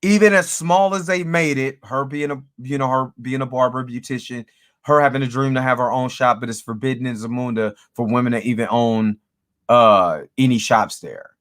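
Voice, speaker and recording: Man, casual movie review, rambling, animated, repeats himself, average pitch. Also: moderate pace.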